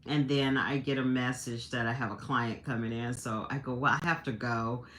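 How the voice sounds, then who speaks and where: This livestream host is a woman whose rumbling low voice is steady, a bit bright, and at normal speed, with slight background noise. Chatting casually to a live audience, she shares a personal story, often laughing and starting sentences over.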